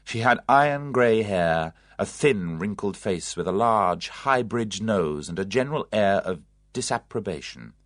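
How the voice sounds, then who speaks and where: An audiobook narrator reading a story in an expressive storytelling manner. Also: deep voice, unhurried, dry recording, studio quality.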